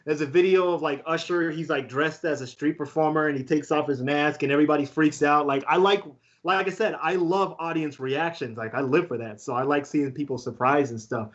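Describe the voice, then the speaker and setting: A man, a guest, telling a story in a casual, excitable way and laughing often. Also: fairly high pitch, fairly quick, hardly any pauses, dull audio. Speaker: guest beatboxer.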